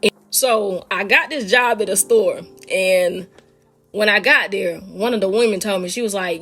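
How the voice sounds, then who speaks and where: A woman's voice: medium pitch, normal speed, breathy edge, soft background music. A woman telling her own faith story and teaching listeners, talking to them casually and with animation. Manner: animated, talks straight to listeners as "y'all". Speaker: speaker sharing a faith testimony.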